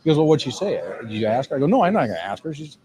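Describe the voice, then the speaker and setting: A man's voice: a little high, big pitch swings, racing, crowd noise, low-quality recording. A man, a cigar lounge owner telling a rambling, profane, self-mocking story in a lounge. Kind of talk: casual storytelling.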